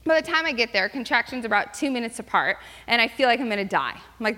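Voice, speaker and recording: A woman's voice: a little high, expressive, fast, hardly any pauses, bright, forceful tone. A woman in her thirties, speaking at a church gathering, leading a prayer and then telling a personal story in a chatty way with many fillers. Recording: long reverb in a large hall.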